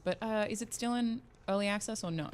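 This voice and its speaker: A co-host of a casual gaming podcast, talking quickly and filling speech with "like". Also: mid-range voice, clear, resonant tone. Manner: fast, animated, lots of "like".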